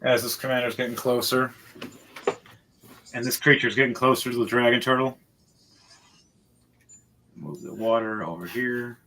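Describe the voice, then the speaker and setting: A man narrating a tabletop game as game master, calling out dice rolls and combat turn by turn, with sudden loud outbursts. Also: medium pitch, fairly even intonation, normal speed, pauses often, a little hiss or hum, poor audio.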